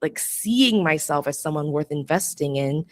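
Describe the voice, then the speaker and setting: A woman's voice: low-pitched, lively intonation, moderate pace, no echo. A young adult woman, a podcast guest and astrologer, chatting reflectively with lots of "like" and frequent laughter. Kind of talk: casual interview chat.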